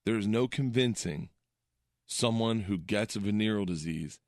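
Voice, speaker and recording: A man in his thirties telling a story in casual chat, rambling and self-deprecating, laughing often and dropping into a low deadpan voice when quoting people. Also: moderate pace, no room sound, studio quality.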